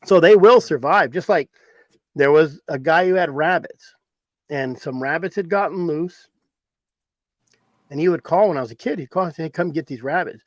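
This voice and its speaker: A man's voice: on the high side, normal speed, pauses often, no room sound. A man from Arizona telling stories in casual podcast chat, rambling and repeating himself for emphasis.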